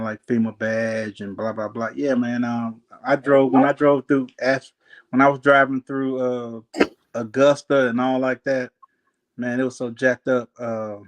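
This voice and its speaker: A man telling a long story in casual chat, acting out voices and laughing often. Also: mid-range voice.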